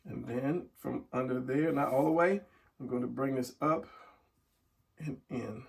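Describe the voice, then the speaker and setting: A man's voice: mid-range voice, measured pace, creaky, distant mic. A middle-aged man teaching a casual drawing tutorial, talking while he draws and trailing off into murmurs. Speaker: drawing instructor.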